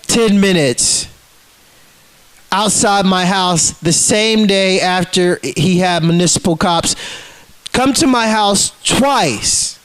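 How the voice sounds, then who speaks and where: A man's voice: sits high, fairly bright tone, poor audio. A man ranting casually to the camera, heated and profane, acting out the people in his stories. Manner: profane, heated, acts out quotes in scenes.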